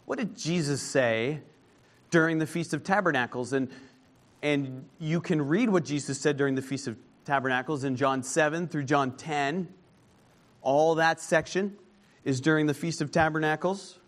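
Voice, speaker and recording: A man preaching a sermon, slow and emphatic, rising into fervent declarations as he builds each point. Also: on the high side.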